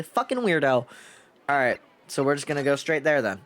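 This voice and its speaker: A man's voice: medium pitch, big pitch swings, a little fast, a bit bright, slight background noise. A man streaming a story game, chatting casually with crude jokes and lots of swearing. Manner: crude, joking, swears a lot.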